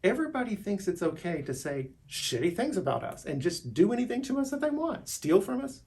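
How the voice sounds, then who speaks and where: A man's voice: sits high, sing-song, a little fast, a little mellow. A middle-aged man talking in a rambling, unscripted monologue, restarting words and pushing his voice upward when he gets worked up. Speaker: vlogger.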